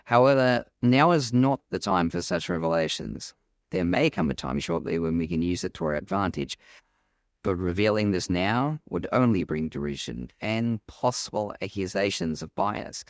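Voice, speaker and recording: A man playing a gravelly, cautious alien leader. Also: lowish voice, lively intonation, no echo, clean studio sound. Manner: cautious, measured. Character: wary male alien opposition leader. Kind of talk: fan audio drama acting.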